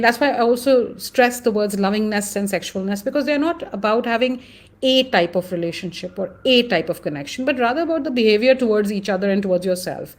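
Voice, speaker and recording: Thoughtful woman with an Indian English accent. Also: a little high. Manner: thoughtful, animated, frequent fillers. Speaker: guest. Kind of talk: conversational interview.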